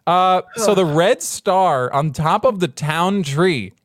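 A man's voice: sits high, slow pace, dry recording, clean studio sound. A man co-hosting a podcast about movies, chatting casually and acting out other people in put-on voices. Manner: animated, acts out people in put-on voices, laughs often. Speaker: podcast co-host. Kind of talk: casual chat.

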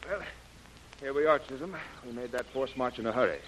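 A man acting a brisk expedition commander. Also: medium pitch, a bit bright, slight background noise, lightly acted. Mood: commanding. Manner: crisp, giving orders. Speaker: expedition leader. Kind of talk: 1930s radio acting. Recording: muffled old radio recording.

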